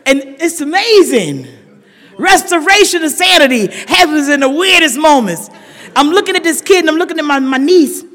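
A high-pitched, expressive middle-aged woman speaks at normal speed, sharing a dramatic story at a recovery meeting. The big hall echoes long as she chats straight to the crowd, alternating loud outbursts with hushed asides.

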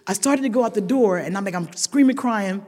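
A woman's voice: medium pitch, fairly quick. Frank, funny woman in an echoing hall. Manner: frank, humorous storytelling, lively voicing of quoted people. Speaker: speaker sharing at a recovery meeting. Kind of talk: personal recovery testimony. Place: large meeting hall. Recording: reverberant hall with long echo.

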